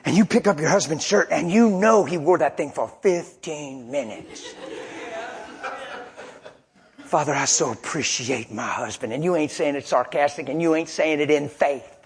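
A man's voice: on the high side, moderate pace. A male preacher delivering a sermon in a folksy, colloquial and emphatic storytelling manner.

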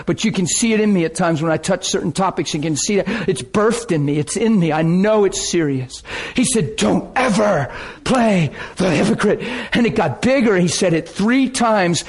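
A man preaching a sermon with fervent, emotional delivery that swings from loud outbursts to hushed intensity. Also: high voice.

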